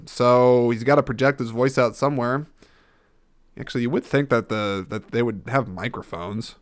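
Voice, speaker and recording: A man's voice: mid-range voice, moderate pace, dry recording. Guy rambling on his solo podcast, cuts himself off a lot, dead dry room. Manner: rambling, self-interrupting, thinks aloud. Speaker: podcast host. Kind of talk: casual solo podcast talk.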